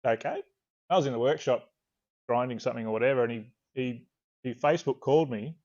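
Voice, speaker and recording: An Australian author talking casually in an interview, a relaxed, rambling storyteller who swears now and then. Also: male voice, mid-range voice, fairly quick, highs cut off. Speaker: author guest. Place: video call.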